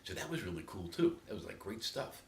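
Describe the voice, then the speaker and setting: Deep-voiced older New York man, roomy. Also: brisk, slight background noise. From New York City. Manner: animated, emphatic, drops to loud whispers. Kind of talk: casual monologue. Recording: roomy, distant from the mic, faint ambience.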